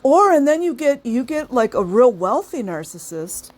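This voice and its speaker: A woman hosts her own channel and chats casually with viewers, laughing often and impersonating the people she describes. Her voice sits high and is darkish in tone, very animated, at a normal speed.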